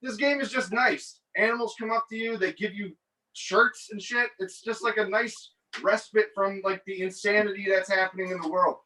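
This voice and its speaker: A man's voice: sits high, steady tone, moderate pace, bright, forceful tone, far from the mic, poor audio. A male stand-up comic telling a rambling, profane, self-mocking story during an online stream set, on a headset mic.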